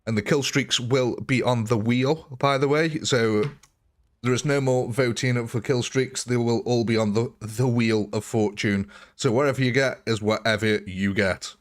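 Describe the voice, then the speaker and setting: A man's voice: mid-range voice, fairly even intonation, normal speed. A man chatting casually as he streams a strategy game live, thinking aloud, greeting viewers and laughing often. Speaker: gaming livestreamer.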